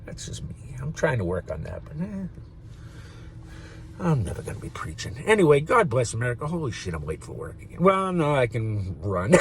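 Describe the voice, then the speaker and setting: Male vlogger, 50s, gravelly and somewhat high-pitched, rambling and profane, casual monologue. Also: huge pitch swings, brisk, a bit bright, slight background noise. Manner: rambling, swears freely, chuckles between thoughts.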